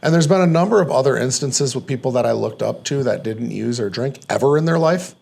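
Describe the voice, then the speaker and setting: Gravelly man telling a rambling story. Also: mid-range voice, animated, a little fast, darkish tone. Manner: rambling, profane, many "like" fillers. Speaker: podcast guest. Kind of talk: casual personal storytelling.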